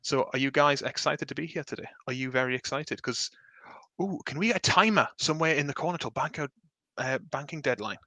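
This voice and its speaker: A man's voice: mid-range voice, fairly quick, sharp tone, no room sound. A young man from the north of England hosting a casual livestream chat, upbeat and jokey. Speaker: event host.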